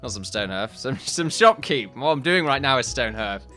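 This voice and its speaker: A man chats through his gaming video in a loose, rambling way, often correcting himself and laughing. He sounds a little out of breath, and his voice sits in an ordinary middle range. Soft guitar music plays faintly underneath. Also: mid-range voice, lively intonation, brisk. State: slightly out of breath. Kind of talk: casual commentary over a time-lapse.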